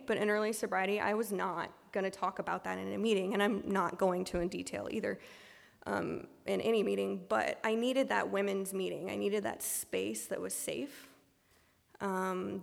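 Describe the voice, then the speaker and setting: Creaky-voiced woman sharing her story in a hall. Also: medium pitch. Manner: candid and self-deprecating, many ums and restarts. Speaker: speaker sharing her recovery story at a meeting. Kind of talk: personal testimony talk.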